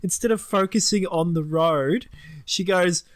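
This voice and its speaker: Animated bloke telling a story. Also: male voice, high voice, a little slow, no echo. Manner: animated storyteller, acts out quoted voices. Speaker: podcast co-host. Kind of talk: casual chat.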